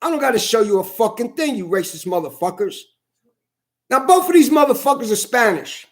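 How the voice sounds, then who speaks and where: A man's voice: extremely high pitch, big pitch swings, brisk. A man venting in a heated, profane, repetitive rant to his camera. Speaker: vlogger. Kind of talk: angry ranting monologue.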